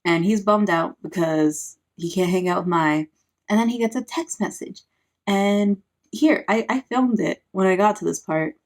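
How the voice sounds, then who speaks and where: A woman's voice: medium pitch, unhurried, a little mellow. Sarcastic woman recapping a book. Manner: sarcastic, many "like" fillers. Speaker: book reviewer; parent.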